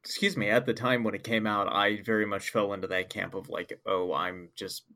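A man's voice: lowish voice, fairly even intonation, fairly quick, gravelly, pushed and bright. A man in casual conversation, making wry jokes and laughing along. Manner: joking, wry asides, laughs. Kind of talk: casual chat.

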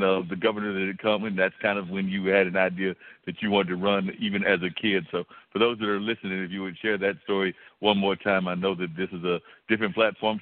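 A radio host with a very low voice talks fast and asks his guest long, rambling questions full of fillers. The sound is dry and close, squeezed thin like a phone line. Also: no echo. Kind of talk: hosting a radio interview.

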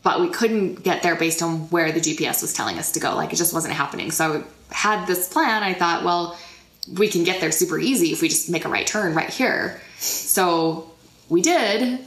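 A woman's voice: lowish voice, normal speed, a bit bright, reverberant, low-quality recording. A young woman co-hosting a casual travel chat, chatty and laughing as she tells stories. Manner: chatty, laughs while telling. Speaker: podcast co-host.

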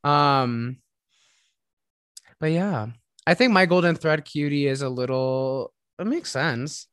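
A man's voice: on the high side, slow, a bit bright, smooth, dry recording. Playful Midwestern man, dry close sound. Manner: playful, giggly, bawdy banter. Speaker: podcast co-host. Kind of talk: casual chat.

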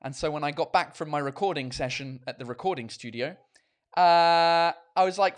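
A man's voice: on the high side, moderate pace, no echo. Man, tired, chatty, swears freely, podcast host, dry room sound. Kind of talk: casual chat. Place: home kitchen at night.

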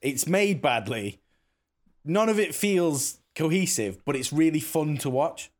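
A man's voice: a little high, expressive, measured pace. A man co-hosting a podcast, chatting about a film with sarcastic jokes. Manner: jokey, sarcastic. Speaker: podcast co-host. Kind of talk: casual film chat.

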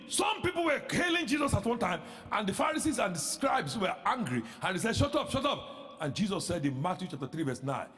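A male pastor with a high voice that swings widely as he preaches, pressing rhetorical questions and breaking into shouts. The sermon carries a long echo, as if spoken in a large hall.

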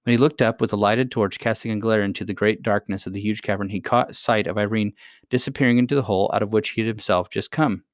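A man calmly reading a children's story aloud as narrator. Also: on the low side, fast talker, no echo, clean studio sound.

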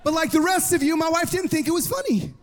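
A man in his thirties preaching a sermon to a congregation, telling a lively personal story with jokes. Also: extremely high pitch, fast talker. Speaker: worship pastor. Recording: long reverb of a large hall.

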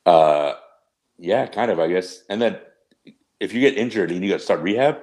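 Man, very low voice, laid-back, casual podcast chat, swears offhandedly. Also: lively intonation, normal speed, a little mellow. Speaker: podcast co-host.

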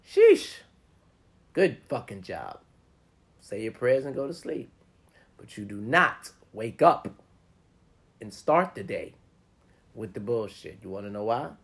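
A man's voice: fairly low pitch, animated, a little slow, long pauses, fairly bright tone. A man giving a casual, profane pep talk to listeners, swearing freely and acting out grumbling inner voices. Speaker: motivational talker.

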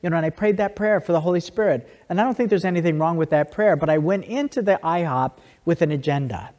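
Man, fairly high voice, conversational storytelling, restarts and asides, long hall reverb. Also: quick pace, a little mellow. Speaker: speaker giving a testimony. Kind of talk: storytelling talk to an audience.

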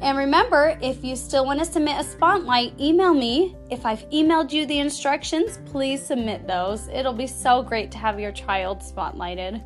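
A woman teaching a children's class, speaking slowly and with exaggerated, bubbly emphasis for young kids. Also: high voice, faint music behind. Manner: bubbly, frequent laughs. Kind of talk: children's lesson, sing-along.

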